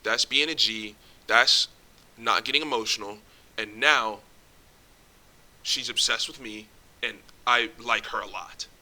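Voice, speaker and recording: Bright-voiced young man giving blunt advice. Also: fairly low pitch, measured pace, long pauses, low-quality recording. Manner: blunt, swears a lot, streetwise slang. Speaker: vlogger giving relationship advice. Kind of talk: casual direct-to-camera advice.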